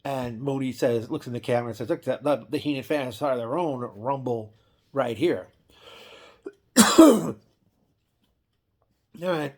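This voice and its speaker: A man's voice: mid-range voice, unhurried, pauses often, darkish tone. A man casually recapping an old wrestling event, rambling with frequent restarts and self-corrections.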